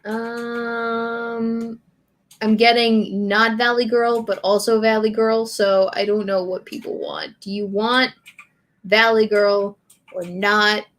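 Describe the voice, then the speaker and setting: Slow deadpan woman streamer. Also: fairly high pitch. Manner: slow, deadpan lyric reading with bursts of laughter. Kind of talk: reading song lyrics aloud and chatting.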